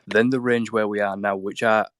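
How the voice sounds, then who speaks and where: A man's voice: on the low side, steady tone, moderate pace, dry recording. A man calling in to a live audio show, talking in a rambling, casual way and laughing at his own slips. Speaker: caller. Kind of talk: casual call-in chat.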